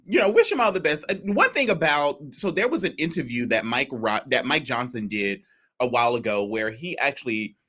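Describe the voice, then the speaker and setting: A man co-hosting a casual talk podcast, giving a measured, conversational update on current events. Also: medium pitch, big pitch swings, sharp tone. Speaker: co-host.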